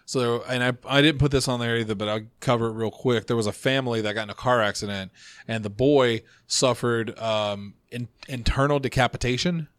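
A man hosting a casual podcast, telling stories from his notes with quick asides. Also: mid-range voice, steady tone, fairly bright tone, clear, resonant tone, dry recording. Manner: chatty storyteller, reads notes, quick asides. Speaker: podcast host.

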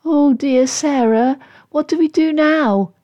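A woman's voice: sits high, takes it slowly, dark tone, dull audio, pitched above the performer's own voice. A woman voicing a meek young girl who speaks hesitantly and anxiously. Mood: worried.

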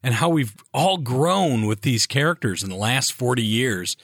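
A man's voice: medium pitch, animated, moderate pace, a bit bright, breathy edge, no room sound, clean studio sound. A man co-hosting a podcast, speaking earnestly and reflectively in casual chat, often restarting his sentences. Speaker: podcast co-host.

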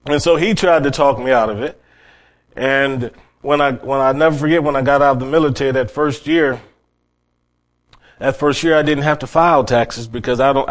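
A middle-aged man preaching a sermon, telling stories and often restarting his words. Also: mid-range voice. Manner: storytelling with many restarts and repeated words.

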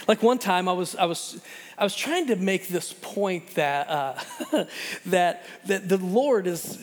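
High-voiced middle-aged male pastor. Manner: earnest and conversational, self-deprecating humor. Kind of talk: sermon with opening prayer. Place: church sanctuary. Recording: long church hall reverb.

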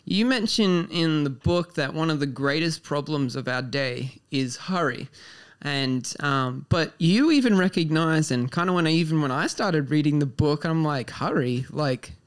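A man with an Australian accent hosting a casual interview, playful and quick to laugh. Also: a little high, animated, clean tone. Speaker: podcast host.

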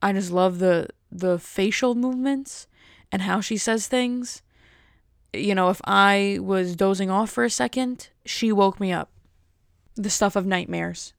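A woman's voice: medium pitch, measured pace, creaky, no room sound, studio quality. Rambling, jokey woman vlogger. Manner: rambling, jokey, self-mocking. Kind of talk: casual chat to camera.

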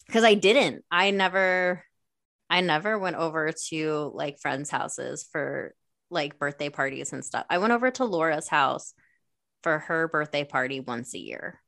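Low-voiced woman, candid and reflective. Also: measured pace, vocal fry, a bit bright. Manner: candid, reflective, quotes herself often. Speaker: podcast co-host, older sister. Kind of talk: casual conversation.

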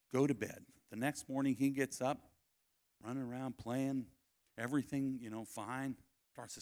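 At a family camp, a man with a mid-range voice preaches a sermon built around a personal story, talking fairly quickly and swinging from loud calls to hushed asides.

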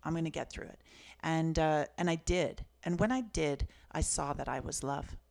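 Speaking at a normal speed, this woman has a low voice touched with vocal fry. She's a Canadian author in her fifties, a guest sharing personal stories conversationally, soft-spoken, earnest and reflective.

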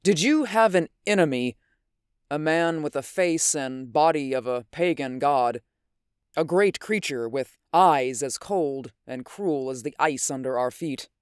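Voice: mid-range voice, measured pace, clear, resonant tone, dry recording, studio quality, natural voice. A reader voicing a nervous, hesitant young man in a story. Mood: uneasy. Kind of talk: audiobook character voice.

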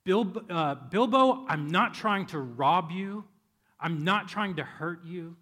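A man's voice: high-pitched, expressive, takes it slowly, pushed and bright, long reverb tail, pitched above the performer's own voice, exaggerated voice. A man voicing a wise old wizard during a sermon, speaking raised and imploring.

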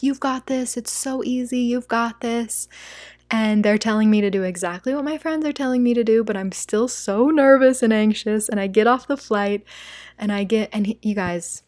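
A woman's voice: mid-range voice, a little mellow, no echo, clean studio sound. Chatty young American woman vlogger. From United States. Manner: chatty, emotional, says "like" and "you guys" a lot. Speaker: travel vlogger. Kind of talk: casual storytelling vlog.

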